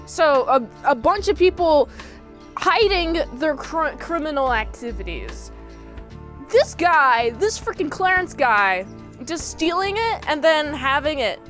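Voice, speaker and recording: A high-pitched woman rambles through a movie recap, joking and tossing in slang like "frickin'". She talks in loose, informal runs with lots of asides. Music plays clearly underneath her voice. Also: very animated, slow pace, a bit bright. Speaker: movie reviewer.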